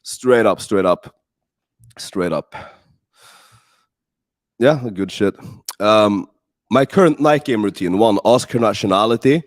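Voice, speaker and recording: A man's voice: on the low side, slow, pauses often, dry recording, studio quality. A man, a dating coach, in a casual chat, emphatic and repeating phrases to stress his point.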